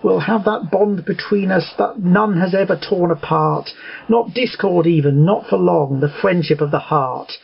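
A man voicing a shy, soft-spoken young female pegasus in a recited storybook poem. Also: high voice, measured pace, creaky, husky, dull audio, heavily acted.

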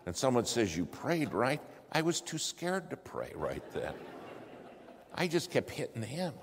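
Animated male preacher in a big hall. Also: medium pitch, a little slow, gravelly, a faint crowd, a little hiss or hum. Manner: animated storyteller, acts out dialogue, swings from hushed to shouting. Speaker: preacher telling a testimony. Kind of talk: sermon storytelling. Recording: long hall reverb, faint ambience.

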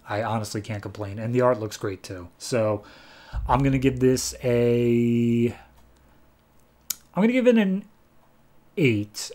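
A man's voice: medium pitch, a little mellow. A man hosting a comics podcast, giving a chatty, casual review and recapping plots. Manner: chatty, recaps plots and briefly acts out characters.

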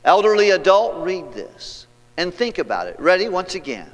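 A man preaching a sermon as pastor, reading scripture aloud and leading the congregation, moving between loud preaching and hushed passages. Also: high voice, very animated, normal speed. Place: church sanctuary. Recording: long hall reverb, church sanctuary.

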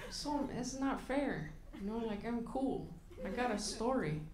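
A woman's voice: expressive, measured pace. A woman putting on a grumbling indignant old grandmother. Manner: grumbling, low and muttering. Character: indignant elderly great-grandmother, grumpy and boastful. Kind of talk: stand-up character bit. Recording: echoey stage with loud crowd laughter.

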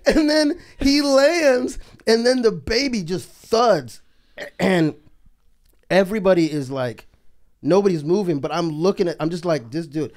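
A man's voice: high voice, a little slow, darkish tone. A man, a comedian guest on a podcast, telling rambling stories in casual chat and laughing through them.

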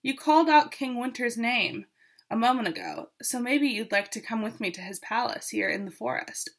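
A woman voicing a lively, gruff old male frost spirit who talks loudly and blusters. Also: fairly high pitch, moderate pace. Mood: cheerful. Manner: loud, blustery, growls when cross.

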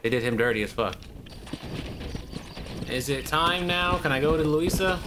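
A man giving casual commentary over a video game, excitable and profane, with sudden shouted outbursts. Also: fairly high pitch, normal speed, noisy background. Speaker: gaming YouTuber. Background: game music and horse hooves.

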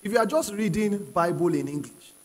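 Male pastor with a husky, high voice, preaching emphatically to a congregation; sound carries a long hall reverb. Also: animated, fairly quick. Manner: asks the congregation questions and prods them to answer; emphatic, repeats key phrases. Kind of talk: sermon. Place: church hall with live congregation.

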